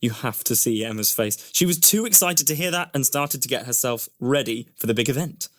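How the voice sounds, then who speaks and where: A man's voice: mid-range voice, lively intonation, brisk, fairly bright tone, no echo, clean studio sound. A man narrating a scripted first-person story in an earnest storytelling voice that rises often.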